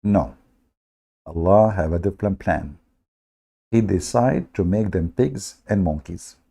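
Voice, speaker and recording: A man hosting a live stream in a sarcastic, mocking manner, laughing at his own points. His voice is low and gravelly, with a dark, mellow tone. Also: a little slow.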